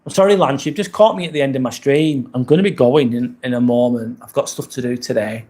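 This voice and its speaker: Hosting a laid-back live stream, a British man talks a little fast in a mid-range voice. He rambles easily, reads out viewer comments, and thanks people frequently.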